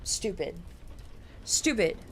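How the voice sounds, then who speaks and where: A woman streamer reading aloud and chatting on a live stream, excitable and incredulous, with casual swearing. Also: takes it slowly, slight background noise.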